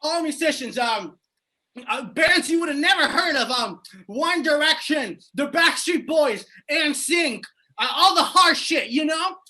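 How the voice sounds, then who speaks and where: A cocky, foul-mouthed male alien who lives to hype up boy bands, as an improv performer plays him. His voice sits very high and cuts through sharply. He talks in loud, rowdy bursts, as if he were always at a gig. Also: lively intonation, unhurried, exaggerated voice. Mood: hyped. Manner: brash, shouty, swears, calls people man and bro. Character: hyper male alien boy-band fanboy with pet snake. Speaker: interview guest in an improv sketch. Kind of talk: live improv comedy.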